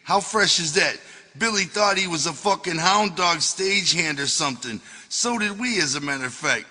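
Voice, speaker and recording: A man's voice: a little high, lively intonation, normal speed, sharp tone, big-room sound. A man reading his own memoir as an audiobook, telling it in a loose, profane way. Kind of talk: audiobook narration.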